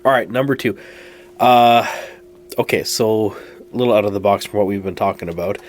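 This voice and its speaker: A man guesting on a podcast, telling stories in casual chat with earnest, halting restarts. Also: on the low side. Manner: earnest storyteller, halting restarts, laughs at himself.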